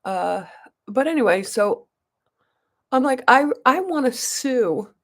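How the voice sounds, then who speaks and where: Woman with a gravelly, creaky voice. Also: fairly high pitch, animated, takes it slowly. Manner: rambling, emphatic, many restarts and asides. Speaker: beauty vlogger. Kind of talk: casual storytelling to viewers.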